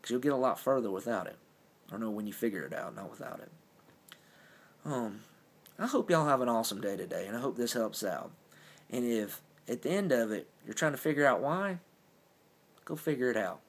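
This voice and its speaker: A man's voice: medium pitch, expressive, brisk. A young adult man speaking earnestly to camera in a casual motivational talk, upbeat and encouraging.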